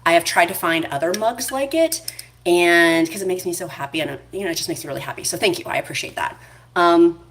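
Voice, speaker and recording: A woman's voice: on the low side, brisk, fairly bright tone. Bubbly woman live streaming from an echoey kitchen. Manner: chatty, bubbly, reads comments aloud. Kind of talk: casual live stream chat. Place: home kitchen. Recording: echoey room, faint noise.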